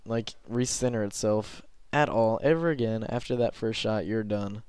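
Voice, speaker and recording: A young man giving rambling, self-conscious gameplay commentary from his bed late at night, filling pauses with lots of ums. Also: fairly low pitch, a little mellow, a little hiss or hum.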